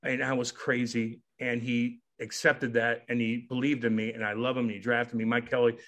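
A man in his thirties tells a story as a podcast guest. He is loose and animated, swears casually, and puts on the voices of the people he talks about. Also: medium pitch, normal speed. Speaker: podcast guest, former hockey player.

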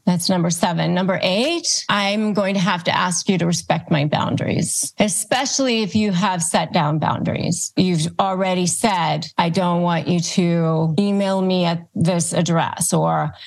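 A woman hosting an advice show, calmly teaching phrases and acting them out as examples. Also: on the low side, a little slow, creaky. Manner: calm, instructive, demonstrates phrases aloud. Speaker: host. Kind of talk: advice talk to camera.

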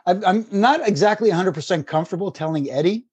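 Husky man telling rambling stories. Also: sits high, lively intonation, quick pace, a little mellow, no room sound. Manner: rambling anecdotes with restarts and laughter. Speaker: former wrestling referee. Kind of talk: casual storytelling.

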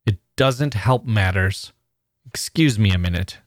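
A man voicing a weary, clipped brother-in-law in a read story. The voice sits low and dry, words short and unhurried. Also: no room sound, natural voice. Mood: curt. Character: curt, weary brother-in-law protecting his wife.

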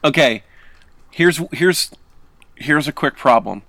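A man's voice: a little high, expressive, slow, fairly bright tone, slight background noise. A young man co-hosting a podcast, telling stories in casual chat, laughing and acting out quotes. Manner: laughing storyteller, acts out quotes. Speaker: podcast co-host.

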